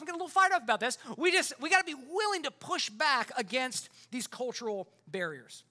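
Male pastor, sermon delivery: quick, bright, impassioned and conversational, leaning on rhetorical repetition. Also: very high-pitched, lively intonation.

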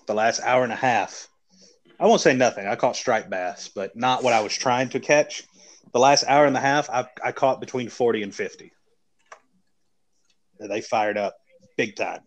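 A man's voice: medium pitch, low-quality recording. A tired man from the Southeastern US, co-hosting a casual podcast and telling a rambling story that trails off and restarts. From Southeastern United States. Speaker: podcast co-host.

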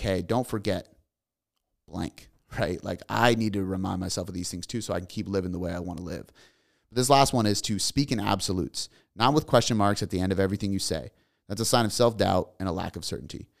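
Blunt, emphatic motivational man. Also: lowish voice. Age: 30s. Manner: emphatic, blunt, repetitive lists, casual swearing. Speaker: podcast host. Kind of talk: motivational solo podcast monologue.

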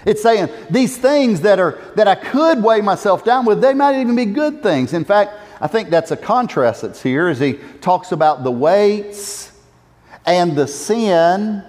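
A man's voice: high voice, animated, measured pace, darkish tone. A male pastor preaching a sermon, impassioned and building to emphatic exhortations. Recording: echoey church hall reverb.

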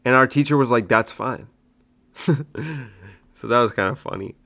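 Un humoriste qui décortique ses blagues, ton décousu. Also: male voice, mid-range voice, normal speed, pushed and bright. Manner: rambling, self-mocking, picks apart his own jokes. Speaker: stand-up comedian and podcast host. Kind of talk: casual solo podcast monologue.

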